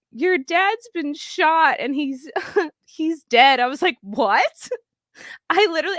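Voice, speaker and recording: A woman comedian talks straight to her fans, choked up and close to tears, her sentences breaking off and restarting between curses. Her voice sits at a middle pitch, and the sound is dry and close with no room around it. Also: a bit bright, no echo. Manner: halting, emotional, profane, with frequent restarts. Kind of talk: personal storytelling to fans.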